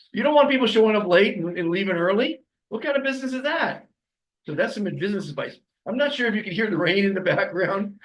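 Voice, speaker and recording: A man's voice: on the high side, fairly bright tone, low-quality recording. A man from Los Angeles hosting a podcast, giving a rambling, emphatic motivational monologue with chuckling asides. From Los Angeles, USA. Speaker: podcast host.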